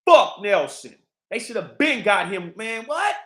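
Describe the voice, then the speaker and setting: A man's voice: high voice, animated, moderate pace, bright, forceful tone, roomy sound. A man hosting a livestream, ranting in a heated, profane, repetitive way. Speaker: livestream host.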